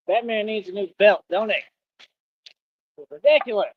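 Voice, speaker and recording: Male streamer, high-pitched swagger, casual slang-heavy monologue, muffled lo-fi audio. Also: normal speed, pauses often, dry recording. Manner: boastful, swaggering street slang.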